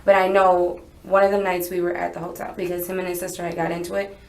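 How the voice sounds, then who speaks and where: A young woman with a lowish voice and level tone talks quickly while telling a police interviewer what happened, answering as a witness under interrogation. Her account rambles and wavers, full of hedges about what she remembers. The recording carries the echo of the interview room.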